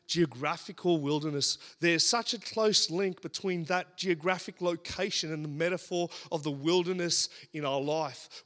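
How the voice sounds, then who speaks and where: Higher-voiced Australian man preaching. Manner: storytelling, animated and humorous. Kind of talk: sermon.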